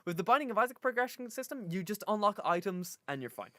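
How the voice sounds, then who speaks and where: A man's voice: sits high, sing-song, fast talker, sharp tone, no room sound. A young man co-hosting a live-streamed podcast, chatting casually and rambling, with lots of fillers and restarts.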